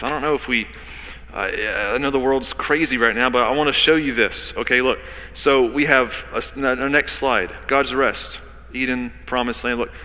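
A man preaching a sermon as pastor, talking conversationally to the congregation and reading scripture dramatically, swinging between loud and hushed. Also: medium pitch, in a large hall, low-quality recording.

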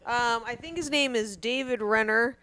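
A woman's voice: a little high, normal speed, bright, forceful tone. A woman co-hosting a comedy podcast, joking in a blunt, sardonic way. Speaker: podcast co-host. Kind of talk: casual comedy podcast chat.

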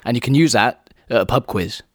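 A man's voice: medium pitch, brisk, dry recording, clean studio sound. A man co-hosting a podcast in casual chat, laughing often. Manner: chatty, laughs often, lively. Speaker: podcast co-host.

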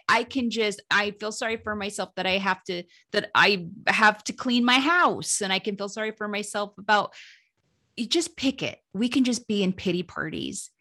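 A woman humor writer telling funny personal stories as an interview guest, lively and laughing, her voice jumping up when she reaches the punchlines. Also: mid-range voice. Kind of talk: animated storytelling in an interview.

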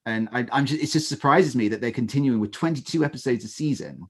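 A man co-hosting a podcast, talking things through in a measured, reasoning way with dry humor. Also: mid-range voice, breathy edge. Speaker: podcast co-host. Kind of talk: casual chat.

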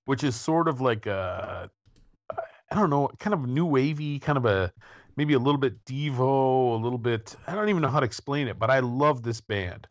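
A man's voice: mid-range voice, expressive, moderate pace, dry recording, muffled recording. A man in his forties hosting an interview show, chatting casually and jokily with lots of restarts. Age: 40s. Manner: rambling, joking, many restarts. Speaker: podcast host.

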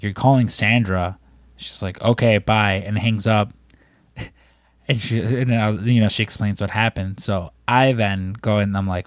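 A man's voice: on the low side, no echo. A man on a podcast telling a long, rambling story in casual chat, swearing and acting out what people said. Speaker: podcast co-host.

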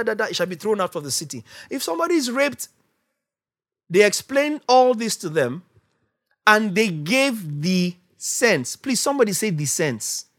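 A woman preaching a sermon, emphatic, asking the congregation questions and rising to shouts. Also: mid-range voice.

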